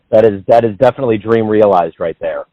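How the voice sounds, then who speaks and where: A man's voice: on the low side, brisk, dry recording. A man hosting an interview, reacting to the guest with short, encouraging responses. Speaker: interview host. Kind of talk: casual chat. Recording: dull lo-fi call audio.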